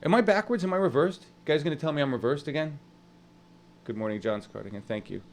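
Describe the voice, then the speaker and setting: A man hosting an online news stream in casual live talk, rambling and halting with many fillers as he greets viewers from the chat. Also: a little high, a little hiss or hum.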